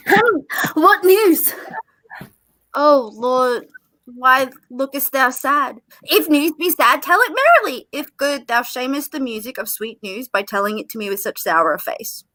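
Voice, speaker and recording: A woman's voice: high-pitched, animated, measured pace, bright, forceful tone, full character voice, low-quality recording. A woman playing an impatient young girl in love in a Shakespearean stage drama, pleading and theatrical. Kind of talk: Shakespearean stage acting over video call.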